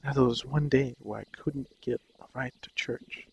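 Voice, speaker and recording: A man's voice: mid-range voice, fairly even intonation, moderate pace, gravelly, a little hiss or hum, rough recording. A young man casually telling a personal story on a vlog, rambling and often losing his train of thought. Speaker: vlogger.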